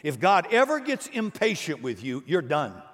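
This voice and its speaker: A male pastor delivers a lively sermon with a pitch that swings widely and sits a bit high for a man. He talks casually, acts out little voices and cracks jokes. A long reverb trails his words through the church. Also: moderate pace. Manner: animated preaching with acted-out voices and jokes.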